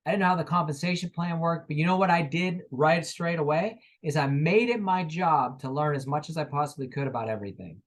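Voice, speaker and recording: A man with a fairly high voice runs a motivational sales training. He speaks with energy, switching into little acted-out conversations with customers to make his points. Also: fast talker, hardly any pauses. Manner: energetic, acts out sales dialogues.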